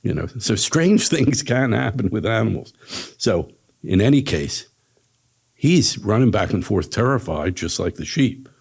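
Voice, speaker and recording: Brief: low, husky male meditation teacher, casual and chuckling. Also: big pitch swings, unhurried, a little mellow. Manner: casual, chuckling, rambling storyteller. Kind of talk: spiritual teaching talk with storytelling. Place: ashram talk.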